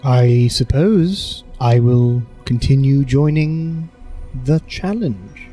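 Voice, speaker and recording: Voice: medium pitch, slow pace, mellow, faint music behind. Fields: Figure: remorseful ex-commander, played by a man. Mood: solemn. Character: remorseful former army commander turning on a parent.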